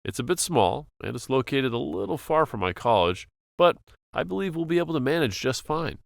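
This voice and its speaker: A man's voice: on the high side, big pitch swings, brisk, creaky, no echo, studio quality. Man playing an exasperated college son. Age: young adult. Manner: exasperated, pleading.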